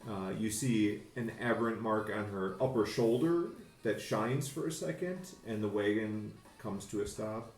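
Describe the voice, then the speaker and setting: A man narrating a tabletop game as game master, halting, with many fillers. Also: on the low side. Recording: echoey room, faint music.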